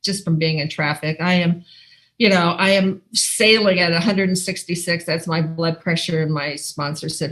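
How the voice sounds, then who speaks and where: A middle-aged woman from Iowa giving a personal recovery testimony over a video call, animated and laughing often as she acts out quotes. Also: lowish voice, normal speed, rough recording. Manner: animated storytelling with frequent laughs and acted-out quotes. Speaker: recovery meeting speaker. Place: home, online video call. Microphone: video call microphone.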